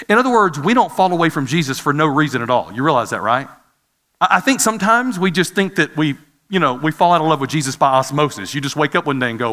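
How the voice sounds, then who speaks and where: A man's voice: on the high side, lively intonation, brisk, bright, forceful tone. A man in his forties preaching a sermon, telling a personal story in a conversational way and asking his listeners questions. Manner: conversational, asks the audience questions. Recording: reverberant hall.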